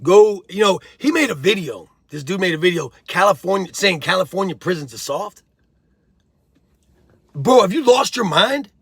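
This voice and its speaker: A man with a high, gravelly voice, husky at the edges, delivering blunt streetwise commentary. He lectures the viewer like a friend, with lots of "bro" and "homie". The sound is close and dry. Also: expressive, normal speed, a bit bright, dry recording. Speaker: host of a prison-life commentary channel. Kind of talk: casual commentary vlog.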